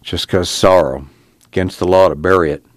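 Seorang pria memerankan ayah petani yang lelah dan praktis, berbicara dengan dialek pedesaan. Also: male voice, low-pitched, fairly even intonation, normal speed, no echo, natural voice. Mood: tired. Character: weary practical farming father.

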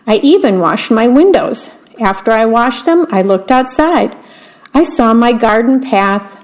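A woman reading aloud as a male housefly who loves sweeping, in an eager, chattering manner. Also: fairly high pitch. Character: tireless neat-freak male housefly.

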